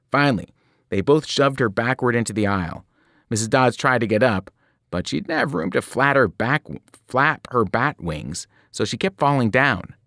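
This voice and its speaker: A male reader telling a story to students, his voice rising and falling with plenty of movement. He sounds close and dry, with no room echo. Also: mid-range voice. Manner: lively storytelling with sudden voiced cries. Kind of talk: reading a novel aloud.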